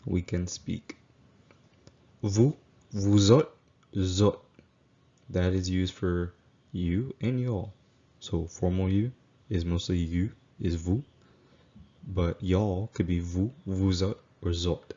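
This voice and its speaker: A man walks through a recorded slideshow lesson. He repeats every example slowly and catches his own slips. The sound is dull and lo-fi, as from a home computer mic. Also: sits low, warm tone. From Louisiana. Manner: patient, repeats each example slowly, self-correcting. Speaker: language teacher.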